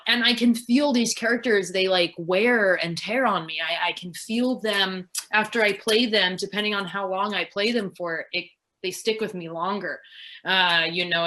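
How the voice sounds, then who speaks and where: A woman talks through her craft in a loose, reflective interview, circling her points with plenty of fillers. Her voice is bright and forceful, sitting at a middle pitch. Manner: rambling, filler-heavy, reflective. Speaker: actress. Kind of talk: casual interview answers.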